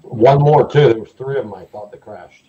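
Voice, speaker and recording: A Canadian man co-hosts a relaxed live chat and drops wry one-liners. His voice is mellow and dark, and it comes through dull and lo-fi. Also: mid-range voice, moderate pace. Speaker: co-host. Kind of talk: casual chat. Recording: dull lo-fi sound.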